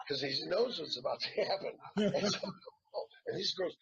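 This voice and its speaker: A man telling a long, casual story as a guest actor, animated and peppered with swearing. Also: medium pitch, brisk, gravelly, background noise. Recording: dull lo-fi sound.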